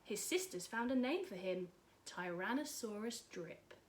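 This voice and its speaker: A woman reading a rhyming picture book aloud in an expressive, rhythmic way. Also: mid-range voice, a little slow. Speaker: storyteller.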